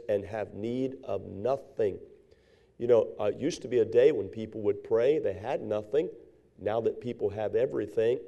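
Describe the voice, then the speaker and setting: A man's voice: on the low side, warm tone. A man preaching a sermon to his church, building up with repeated phrases. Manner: repetitive preaching cadence, rising in fervor. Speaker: pastor.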